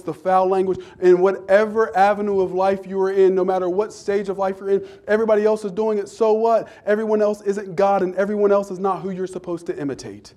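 A middle-aged man preaching a sermon in church, conversational and humorous, sometimes shouting when he acts out outbursts. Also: sits high. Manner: animated, rising to shouts in acted outbursts.

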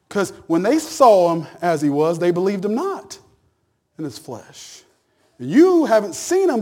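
A man preaching a sermon, emphatic and animated with joking asides. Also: a little high. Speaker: pastor.

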